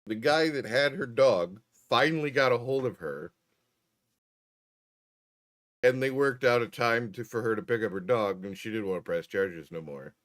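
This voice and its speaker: A man's voice: mid-range voice, normal speed, a bit bright. A man telling a story in casual chat, profane and wry.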